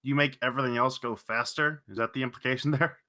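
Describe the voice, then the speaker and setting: A man's voice: mid-range voice, steady tone, quick pace, sharp tone. A man playing a tabletop game, asking questions about how the rules work. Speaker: player. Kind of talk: casual tabletop play.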